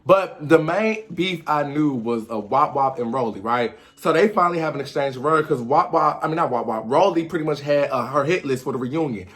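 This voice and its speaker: A young man giving a lively, sassy recap of a reality show reunion, acting out the cast members' lines. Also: fairly high pitch, a little fast, hardly any pauses. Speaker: commentary host.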